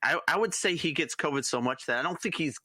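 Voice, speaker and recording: Bright-voiced man cracking dry jokes. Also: on the high side, lively intonation, fast talker, dry recording. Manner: dry, teasing quips. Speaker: podcast co-host. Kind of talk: casual beer-and-sports chat.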